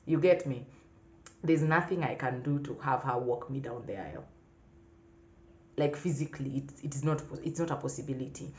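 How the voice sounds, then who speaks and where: A woman's voice: deep voice, moderate pace. A woman talking earnestly and reflectively to her viewers in a personal vlog. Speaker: vlogger. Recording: echoey room, slightly dull sound.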